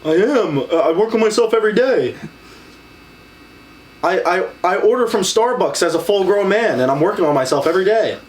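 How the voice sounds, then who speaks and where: Brash young male co-host, high and very animated, swears a lot. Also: fairly quick, a little hiss or hum. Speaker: podcast co-host. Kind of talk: casual chat.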